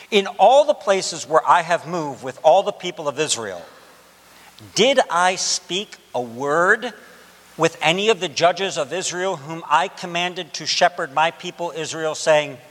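A man preaching a sermon on scripture, animated and emphatic as he voices God's words to David. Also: fairly high pitch, unhurried, big-room sound.

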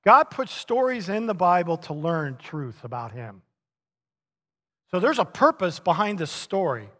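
Middle-aged male pastor, slightly higher voice, animated storyteller with chuckles, long reverb of a large church hall. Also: measured pace. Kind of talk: sermon.

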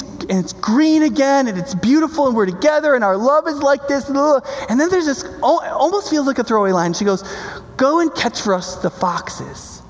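Male preacher, high voice, emphatic and conversational, long hall reverb. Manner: emphatic, conversational, keeps asking "right?". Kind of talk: sermon.

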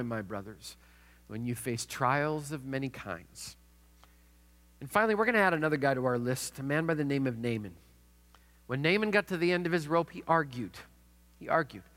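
Bright-voiced male pastor in a reverberant hall. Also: on the high side. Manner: storytelling, dramatic shifts in loudness. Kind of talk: sermon.

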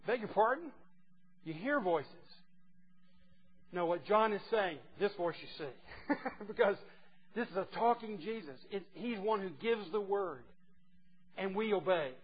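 A man preaching a sermon, emphatic and teasing, swinging from quiet asides to loud declarations. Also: high voice, lively intonation, unhurried, long pauses, slightly rough, faint music behind. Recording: dull lo-fi recording with faint noise.

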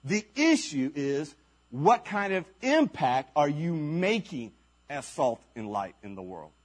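A man's voice: a little high, sing-song, slow pace. A man preaching a sermon as pastor at a church service, speaking emphatically with rhetorical questions and repeated phrases.

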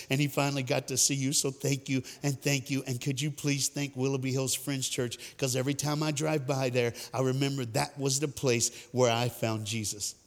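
Male guest speaker, lively and playful sermon delivery, long hall reverb. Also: mid-range voice. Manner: lively, joking, direct addresses to the crowd. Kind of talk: storytelling sermon to a youth crowd. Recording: echoey hall.

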